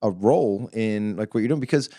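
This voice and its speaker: A man's voice: fairly low pitch, fairly quick, mellow, no room sound, clean studio sound. A man from Oklahoma, a guest on a podcast, chatting casually and acting out the people he quotes in mocking voices.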